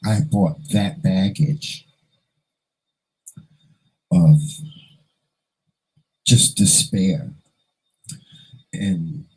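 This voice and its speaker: A man's voice: sits low, very slow, pauses often, darkish tone, husky, rough recording. A man vlogger telling a personal story in an earnest, emotional way, fighting back tears and repeating phrases for emphasis.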